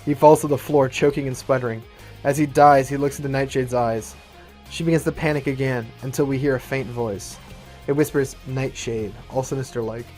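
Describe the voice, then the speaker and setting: A man's voice: mid-range voice, fairly even intonation, fairly quick, darkish tone, soft background music. Man narrating a fan-written action script. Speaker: storyteller.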